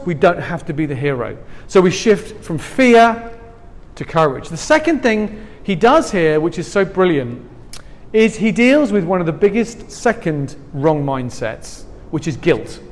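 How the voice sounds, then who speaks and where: A man preaching a sermon, animated and emphatic, swinging between loud and hushed. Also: sits high, unhurried. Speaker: pastor. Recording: long hall reverb.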